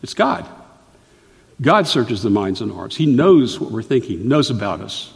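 A man's voice: mid-range voice, very animated, unhurried, creaky. A man preaching a sermon, explaining a Bible passage in a conversational way with rhetorical questions and asides. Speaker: Bible teacher. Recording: long hall reverb.

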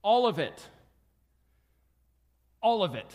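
A man's voice: high voice, big pitch swings, unhurried, darkish tone. Earnest man preaching a sermon. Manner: earnest teaching, repeats key phrases, draws the congregation in. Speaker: pastor.

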